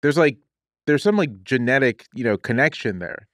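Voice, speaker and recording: A man guesting on a comedy podcast, talking in a wry, animated way. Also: mid-range voice, moderate pace, no room sound, clean studio sound. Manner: animated, wry, jokes in a put-on radio voice. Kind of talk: casual comedic chat.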